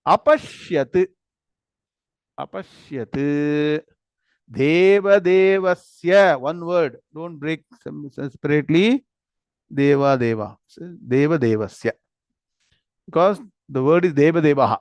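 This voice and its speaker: A man's voice: fairly high pitch, no room sound. A man with an Indian English accent teaching a scripture class, reciting Sanskrit words one at a time and quizzing his students. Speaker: Gita and Vedanta teacher.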